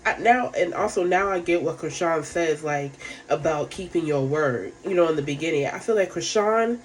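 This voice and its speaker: A woman's voice: low voice, moderate pace. A woman giving a casual, rambling recap of a reality show, frank and profane, full of fillers.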